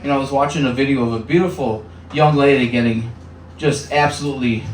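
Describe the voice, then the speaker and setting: A man's voice: medium pitch, fast, slight background noise. A man in his thirties doing a stand-up comedy set in a small bar, conversational, with filler words and acted-out voices. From Upper Peninsula of Michigan. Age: 30s. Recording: echoey bar room, mic heard from a distance.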